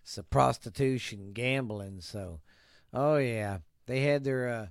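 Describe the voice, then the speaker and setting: A man's voice: medium pitch, slow pace, clear, resonant tone, dry recording, studio quality. A man hosting a casual solo podcast, talking in a loose, profane, rambling way and slipping into a mock tough-guy ad voice. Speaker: podcast host.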